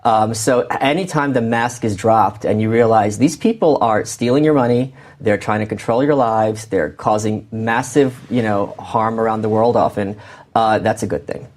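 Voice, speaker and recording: A male author as a guest in an interview, talking in an animated way and acting out quotes as he tells stories. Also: fairly low pitch. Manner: animated, quick storytelling with acted-out quotes. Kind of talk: interview conversation.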